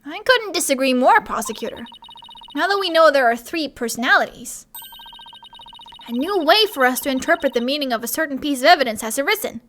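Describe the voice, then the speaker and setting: A woman's voice: high voice, lively intonation, a little fast, fairly bright tone, slight background noise. A woman voicing a haughty, formal young male prosecutor with a stiff, condescending delivery. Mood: cold. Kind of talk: fan voicing of a game's dialogue.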